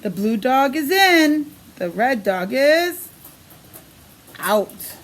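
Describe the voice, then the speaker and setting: Reading a picture book to young children, this female preschool teacher uses a lilting storybook cadence and breaks off to quiz the kids. She sounds high-pitched and very animated, and there's a slight hiss or hum in the recording.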